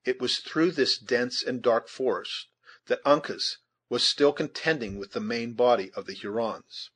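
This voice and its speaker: A man narrating an audiobook in a measured, steady storytelling manner, with a husky voice. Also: medium pitch.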